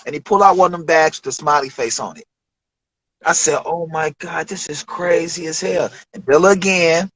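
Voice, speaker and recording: His voice is husky and on the high side, moving at a moderate pace through poor audio. As a guest in a laid-back interview, the Detroit rapper spins studio stories with animation, impersonating those he quotes and swearing freely.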